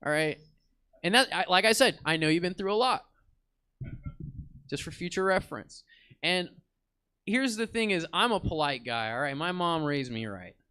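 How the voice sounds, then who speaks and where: Guy rambling thru a comedy bit, kinda high voice, smooth and clear, lots of likes and you knows. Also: animated, moderate pace, pauses often, pushed and bright. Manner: rambling slacker storytelling with fillers. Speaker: improv comedian. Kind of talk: improvised comic monologue. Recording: stage theater performance.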